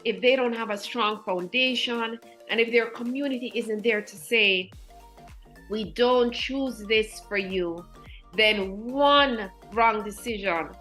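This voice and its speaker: A woman's voice: on the high side, pushed and bright, low-quality recording. A woman guest educator telling personal stories in an earnest, heartfelt, faith-filled way, emotional and near tears.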